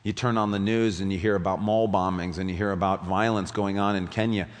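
A man's voice: fairly even intonation, fairly quick. Man preaching in a reverberant hall. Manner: dynamic preaching, swinging between loud emphatic peaks and low quiet drops. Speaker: pastor. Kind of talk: sermon. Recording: long reverb of a large hall.

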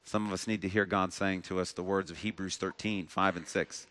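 A man's voice: deep voice, moderate pace, fairly bright tone. A male pastor delivering a sermon in a church sanctuary, earnest, with a repetitive preaching cadence. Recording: long reverb of a large hall.

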